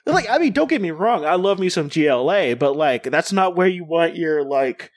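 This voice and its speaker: Male podcast co-host, rambling and casual, a bit high, dry mic. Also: lively intonation, normal speed, no room sound. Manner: rambling, full of "like" fillers and restarts. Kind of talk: casual chat.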